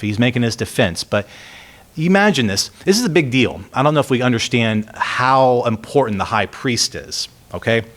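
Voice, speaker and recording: A man's voice: mid-range voice, fairly bright tone. A man preaching a sermon in a conversational way, reading scripture aloud with emphasis and putting rhetorical questions to the congregation. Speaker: pastor.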